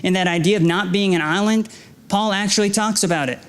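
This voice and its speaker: A young man gives a guest sermon in a church, his voice sitting high for a man. He exhorts with stacked, repeated phrases and stammers into restarts when he leans on a point, mixing in self-deprecating stories. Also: a little fast, clean tone. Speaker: guest preacher. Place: church sanctuary.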